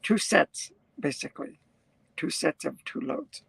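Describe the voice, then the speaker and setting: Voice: mid-range voice, very animated, a little slow, vocal fry, a bit bright, husky, no echo, rough recording. A truck driver talking casually to viewers on a live stream, rambling, reading comments aloud and laughing often.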